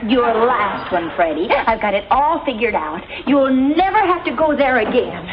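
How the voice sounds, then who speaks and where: Bossy scheming young daughter, high bright voice swooping all over, music under an old 1950s tv soundtrack. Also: female voice, sing-song, noisy background. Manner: bossy, brisk. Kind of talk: 1950s sitcom acting. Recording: music behind, old TV audio.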